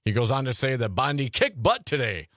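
A male radio talk show host taking calls, who gets louder and faster when fired up. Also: mid-range voice, big pitch swings, no echo, clean studio sound. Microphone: studio mic.

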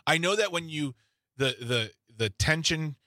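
A man's voice: fairly high pitch, expressive, a little slow, pushed and bright, no echo, studio quality. A man co-hosting a radio talk show, joking and teasing in casual chat. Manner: joking, self-mocking.

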